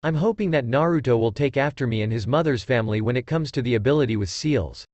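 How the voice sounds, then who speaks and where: A man's voice: mid-range voice, fast, darkish tone, dry recording, lightly acted. A man voicing a cheeky, kind spirit of a father who explains things at length.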